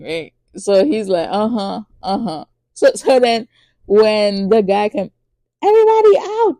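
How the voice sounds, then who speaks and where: A woman hosting a podcast who recaps a TV drama in a casual, animated way, with lots of fillers and acted-out lines. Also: vocal fry, dry recording. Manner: acts out characters' lines in high voices. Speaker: podcast host reviewing a TV drama.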